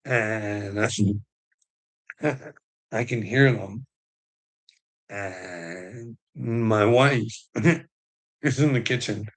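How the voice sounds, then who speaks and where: Middle-aged male streamer: rough, creaky drawl, slow, swears and laughs his way through a rambling rant. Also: lowish voice, low-quality recording. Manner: profane, rambling, laughs often. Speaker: livestreamer. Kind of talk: casual live rant.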